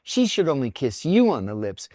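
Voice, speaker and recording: A man's voice: medium pitch, wildly swooping pitch, moderate pace, mellow, dry recording, clean studio sound. Candid middle-aged man telling stories. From near Pittsburgh, United States. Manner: vivid anecdotes, acts out quoted voices. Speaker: podcast guest, former intelligence officer. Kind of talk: candid storytelling in conversation.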